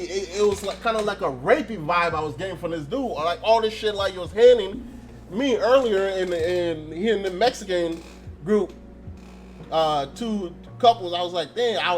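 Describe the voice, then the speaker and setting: A young man telling a story in a blunt, profane casual rant, acting out quoted dialogue. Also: high-pitched. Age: young adult. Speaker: channel host. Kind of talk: casual ranting monologue.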